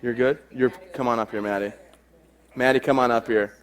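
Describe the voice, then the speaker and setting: A man's voice: mid-range voice, steady tone, fairly quick, clear, resonant tone. A young adult man giving a humorous stage talk to a live audience, telling self-deprecating stories. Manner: joking, self-deprecating storyteller. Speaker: keynote speaker.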